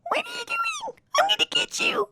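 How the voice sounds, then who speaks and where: A woman voicing a tiny shrunken male demon who squeaks and pleads in a whispery voice. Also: animated, moderate pace, sharp tone, slight background noise, heavily acted. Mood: squeaky, pleading.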